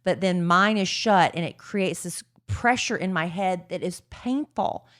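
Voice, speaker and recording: A woman co-hosting a podcast, talking in an animated, chatty way in casual conversation. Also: on the low side, a little slow. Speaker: podcast co-host. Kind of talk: casual chat.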